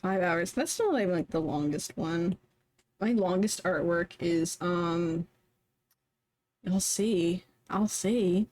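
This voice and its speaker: A woman's voice: fairly low pitch, slow pace, a little mellow. A young woman chatting casually on a live stream while she draws, rambling and self-deprecating. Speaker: streamer drawing fan art.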